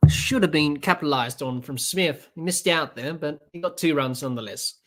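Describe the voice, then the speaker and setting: Doing live match commentary for his podcast, the host offers improvised cricket play-by-play with fillers and restarts, his fairly high, slightly bright voice keeping a moderate pace.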